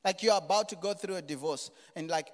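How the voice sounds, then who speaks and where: A middle-aged man preaching a sermon as pastor, moving from quiet asides to loud exclamations. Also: high voice, a little fast. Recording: reverberant hall.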